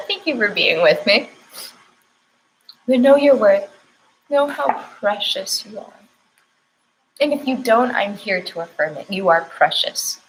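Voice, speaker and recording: A woman's voice: medium pitch, sing-song, slow pace, long pauses, a little hiss or hum, poor audio. Tender, tearful woman reading oracle cards. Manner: tender, emotional, affirming, near tears. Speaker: oracle card reader. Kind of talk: spiritual card reading with affirmations.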